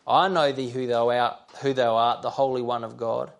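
A frantic unclean spirit cries out loud from inside its host, as a male preacher voices it. The voice is pushed higher and harder than his speaking tone, with a gravelly creak running through it. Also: fairly even intonation, normal speed, natural voice. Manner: loud, agitated crying out. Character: shrieking unclean demon possessing a man.

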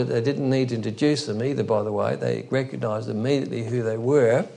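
Male preacher, gravelly edge, mid-pitched, conversational Bible teaching with frequent quotations. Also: a little mellow. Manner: thoughtful, conversational teaching with frequent scripture quotes.

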